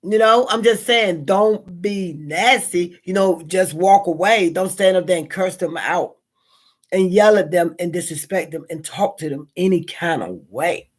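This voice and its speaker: A woman's voice: lowish voice, measured pace, husky. Rambling Southern-accented woman host. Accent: Southern American. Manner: rambling, repeats herself, frequent fillers. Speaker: live stream host. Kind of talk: casual spoken reflection.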